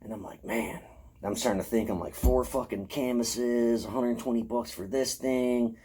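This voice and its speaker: A man's voice: mid-range voice, moderate pace, slightly rough. A man telling a casual, profanity-heavy story about his convention haul, acting out his own lines. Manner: profane, animated, acts out his own quotes. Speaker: horror convention vlogger showing his haul.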